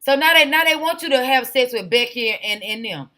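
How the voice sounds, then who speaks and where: A woman hosts a casual livestream and talks straight to her chat. Her voice is bright and cutting and sits somewhat high. She speaks bluntly and wanders off on tangents. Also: expressive, fairly quick. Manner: rambling, tangent-prone, blunt. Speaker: livestream host.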